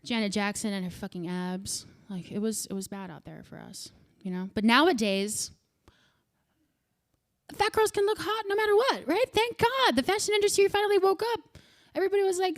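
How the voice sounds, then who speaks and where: A woman in her thirties doing stand-up with crowd work, profane and animated, bursting into shouts. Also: sits high, normal speed. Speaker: stand-up comedian.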